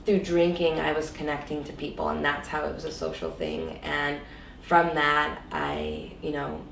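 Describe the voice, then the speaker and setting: Reflective woman, gravelly low voice. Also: normal speed, fairly bright tone, far from the mic, a little hiss or hum. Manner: earnest, reflective, many fillers like "you know". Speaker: interview guest. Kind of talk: candid personal storytelling. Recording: roomy echo, voice a bit off-mic, faint background ambience.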